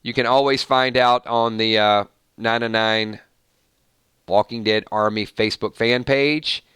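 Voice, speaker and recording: A man hosting a casual livestream, chatting loosely and rattling off supporters' names with quick thank-yous. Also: mid-range voice, steady tone, a bit bright, smooth, no echo, clean studio sound. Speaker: livestream host.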